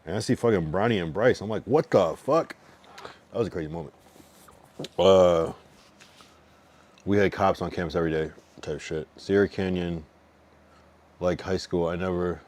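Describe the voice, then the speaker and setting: A man in his late thirties talks on a livestream in a very low voice. He rambles loosely, swears freely and argues back at his chat. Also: steady tone, normal speed, long pauses, darkish tone. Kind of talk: casual stream chat.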